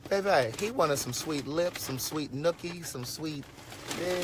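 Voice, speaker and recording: A man in his forties telling a story to his viewers in a casual livestream, animated and sassy, with frequent asides. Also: a little high, unhurried, background noise. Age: 40s.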